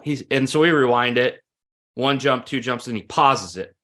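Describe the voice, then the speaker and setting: A man in his forties speaking earnestly as a guest on an interview. He tells stories with animation, his pitch sitting in the middle range. He often restarts and repeats phrases as he works through a point. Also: moderate pace, fairly bright tone. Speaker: guest, coach. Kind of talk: conversational interview storytelling.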